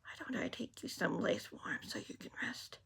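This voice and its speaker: A woman reading a gentle, coaxing stranger. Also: moderate pace, lightly acted. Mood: kindly. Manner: calm, coaxing, quietly spoken. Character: gentle, soft-spoken pale man in black.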